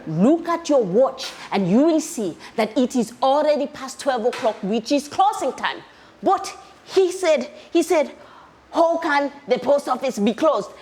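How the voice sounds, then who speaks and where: Woman doing an excitable young South African woman. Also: high voice, voice pushed up. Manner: lively, excited storytelling. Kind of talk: theatre monologue.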